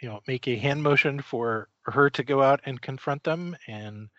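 A man's voice: mid-range voice, moderate pace, bright, forceful tone, dry recording. Dry-sounding male player, playful. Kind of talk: tabletop role-play. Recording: dry muffled audio.

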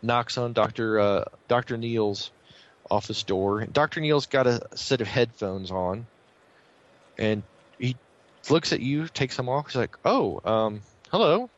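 A man narrating as game master of a tabletop game over a voice call, relaxed and filler-heavy. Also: mid-range voice, unhurried. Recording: slightly muffled online call audio.

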